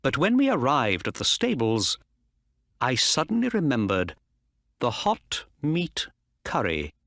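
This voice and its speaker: A calm, clever detective, as a man puts him on, explaining in a raised voice with lively swings. The pace is very slow and the sound is close and dry. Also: medium pitch, vocal fry, no room sound, pitched above the performer's own voice, exaggerated voice. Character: calm clever male detective, middle-aged.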